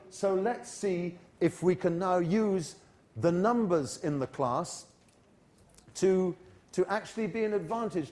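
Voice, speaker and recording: A man from the United Kingdom with a British English accent, giving a live teacher-training talk in a university hall and energetically coaxing the audience to repeat after him. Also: high-pitched. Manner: energetic, coaxes the audience into choral repetition.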